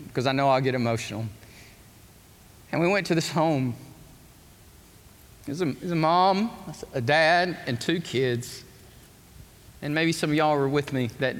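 A middle-aged man preaching a sermon, swinging from loud, rising passages to quiet, low stretches. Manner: impassioned, swings from loud highs to soft lows. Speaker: pastor. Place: large church sanctuary. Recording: long hall reverb from a live church service.

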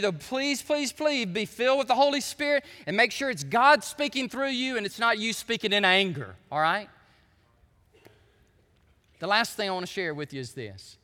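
A pastor with a strikingly high, bright voice who preaches in a folksy, animated way. He drops to hushed asides, then builds to shouts, with his pitch leaping widely. His voice rings through a church sanctuary with a long reverb. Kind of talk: sermon.

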